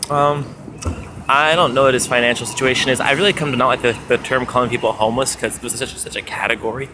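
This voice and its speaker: An upbeat young man vlogs on a foggy city street, chatty and animated as he retells his day. His voice sits in an ordinary middle range. City traffic and street noise clearly fill the background. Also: mid-range voice, quick pace. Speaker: street book distributor. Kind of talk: casual vlog monologue. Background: city traffic and street ambience.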